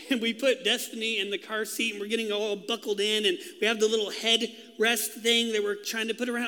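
A man's voice: sits high, flat delivery, brisk, bright, forceful tone. A man in his thirties, a pastor preaching a sermon, telling a funny story and acting out quotes before turning earnest. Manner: playful storytelling with acted-out quotes. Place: church hall. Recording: long hall reverb.

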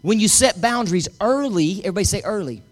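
A middle-aged man preaching with a notably high voice. He drives his points hard and keeps calling on the congregation to say the words back to him. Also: animated, fast talker, faint music behind. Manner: emphatic, calls for congregation responses. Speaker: pastor. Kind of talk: sermon.

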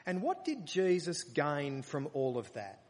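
Husky-voiced man preaching in a reverberant hall. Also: on the high side, wildly swooping pitch, unhurried, darkish tone. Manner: earnest, rising to emphatic scripture reading. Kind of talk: sermon. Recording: long reverb of a large hall.

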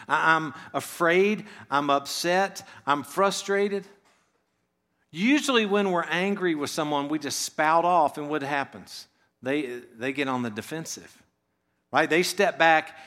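A pastor preaching a sermon in a church, talking conversationally, often letting his voice fall quiet at the ends of phrases and asking rhetorical questions. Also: on the high side.

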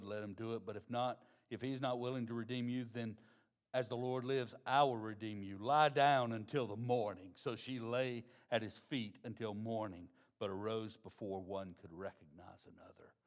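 A pastor, preaching a sermon in a conversational, folksy way. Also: male voice, fairly low pitch, fairly even intonation, moderate pace.

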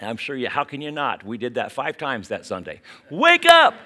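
A man with a West Virginia accent preaching a sermon, dropping to quiet asides and then rising to urgent, emphatic calls. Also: mid-range voice, animated, a little fast. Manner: dramatic swings from hushed asides to urgent exclamations. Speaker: pastor.

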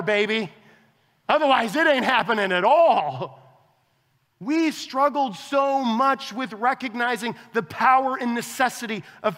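Animated high-voiced pastor preaching in a hall. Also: male voice. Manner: animated, acts out quoted dialogue, conversational. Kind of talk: sermon.

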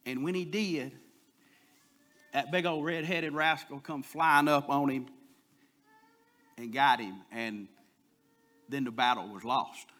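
A man preaching a sermon, telling a folksy story and pushing louder on his key points. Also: medium pitch, takes it slowly, long pauses.

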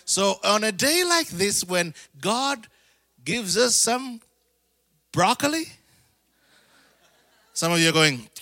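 A man preaching a sermon in an animated way, acting out little voices, laughing and calling for amens. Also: sits high, takes it slowly, long pauses, no echo, clean studio sound. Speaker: pastor.

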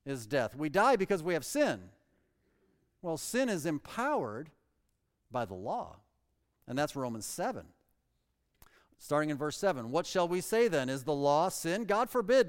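A pastor preaching a sermon, emphatic and swinging between loud and soft, reading scripture aloud in old-fashioned wording. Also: male voice, fairly high pitch, very animated, measured pace, clear, resonant tone. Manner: reads scripture aloud in King James wording. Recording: long reverb of a large hall.

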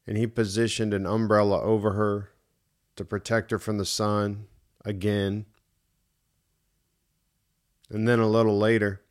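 A middle-aged man hosting a solo podcast and telling a story in an earnest, emphatic way, repeating his key points. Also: on the low side. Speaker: podcast host. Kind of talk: reflective solo podcast monologue.

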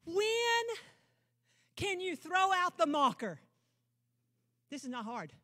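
A woman pastor preaching a sermon with emphatic declarations and rhetorical questions, swinging from loud proclamations to low, intense asides. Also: sing-song, takes it slowly. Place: church service.

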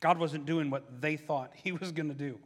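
A man's voice: fairly even intonation, normal speed, in a large hall. A man preaching a sermon as a pastor, talking in a conversational way and acting out the questions of the people he quotes. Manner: conversational preaching, acts out voices of questioners with rising pitch.

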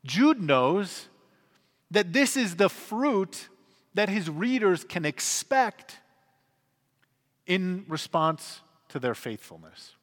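Pastor, male, 30s, somewhat high voice, earnest conversational sermon delivery, long church reverb. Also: very animated, slow, long pauses, fairly bright tone. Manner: earnest, conversational preaching with emphatic swells.

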